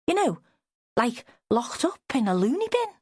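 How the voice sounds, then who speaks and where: A woman's voice: on the high side, very animated, unhurried, slightly rough, no echo, studio quality, pitched above the performer's own voice, heavily acted. A woman reading an audiobook, voicing an anxious, devoted Liverpool husband with a weedy voice. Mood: worried.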